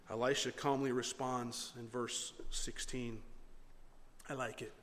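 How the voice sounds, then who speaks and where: A male pastor preaching a sermon and retelling scripture with animated, dramatic storytelling. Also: medium pitch, unhurried, in a large hall, a little hiss or hum.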